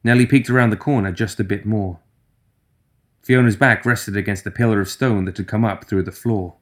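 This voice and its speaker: A man narrating a fantasy story in an even, steady audiobook reading. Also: fairly low pitch, moderate pace.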